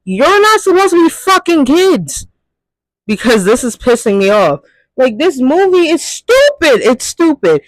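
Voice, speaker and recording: A man's voice: very high-pitched, huge pitch swings, unhurried, dry recording, low-quality recording. A man ranting in a profane, exasperated movie commentary, firing off rhetorical questions. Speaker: commentary youtuber.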